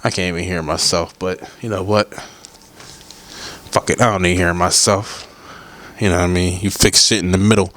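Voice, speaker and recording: A man's voice: sits low, steady tone, normal speed, pauses often, a bit bright. A man hosting his own podcast in casual, loose chat that rambles with profane asides. He talks into a studio mic with headphones on. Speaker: podcast host.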